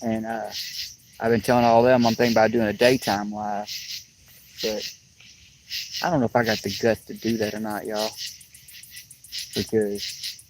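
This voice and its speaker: A man's voice: fairly low pitch, little pitch movement, moderate pace, pauses often. Sleepy man chatting on a riverbank. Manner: drawling, talkative, plainspoken. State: sleepy, yawning. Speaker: fishing livestreamer. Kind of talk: rambling casual chat to viewers. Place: outdoors on a riverbank. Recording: outdoor clip with loud insect noise.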